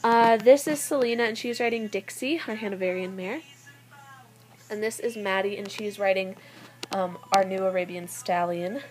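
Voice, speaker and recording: A woman's voice: mid-range voice, normal speed, poor audio. A teenage girl giving a chatty, giggly show-and-tell tour of her toy collection, now and then losing her train of thought. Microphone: handheld camera.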